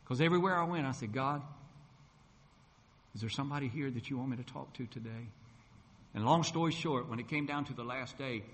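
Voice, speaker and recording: A man's voice: mid-range voice, a little fast, long pauses. A middle-aged man, a gospel singer and preacher, telling his personal testimony in a folksy storytelling way. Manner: folksy storytelling, acts out quoted voices. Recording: long hall reverb.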